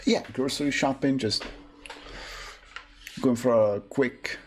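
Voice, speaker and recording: A man's voice: medium pitch, takes it slowly, noisy background. A young man casually chatting and joking with his live-stream chat while playing a game. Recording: loud game music behind voice.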